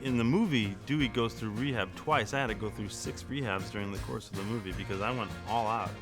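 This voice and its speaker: Deadpan male actor, earnest tone, mid pitch, music playing clearly behind. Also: a little fast. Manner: earnest, straight-faced boasting. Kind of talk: deadpan mock interview.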